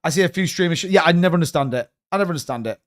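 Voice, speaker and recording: Guy in his 30s ranting on a livestream, kinda high voice, smooth and clear. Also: expressive, very fast. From United Kingdom. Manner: rambling, blunt, swears freely. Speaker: crypto livestream host. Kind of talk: casual livestream chat.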